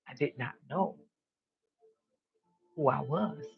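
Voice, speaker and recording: A man's voice: on the high side, slow pace, creaky, faint music behind. Emphatic, preachy man on a muffled stream. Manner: emphatic, preachy, repeats declarations, swears casually. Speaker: live stream host. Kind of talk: spiritual monologue on a live stream.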